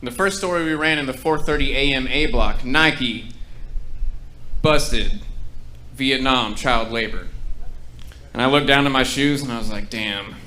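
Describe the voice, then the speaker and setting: A young man doing a stand-up set in a comedy club, with dry deadpan setups and ironic punchlines into a stage mic. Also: mid-range voice, fast talker, few pauses, a little hiss or hum.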